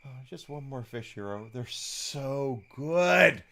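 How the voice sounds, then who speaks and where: A man's voice: medium pitch, lively intonation, slow pace, vocal fry, bright, forceful tone, heavily acted. A man voicing a small, playful female creature in a fantasy game, whiny and eager like a child. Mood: greedy, pleading.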